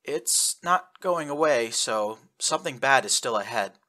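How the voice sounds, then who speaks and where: A man's voice: medium pitch, lively intonation, measured pace, pushed and bright. A man reading aloud, voicing a young male adventurer who talks in an urgent, direct way.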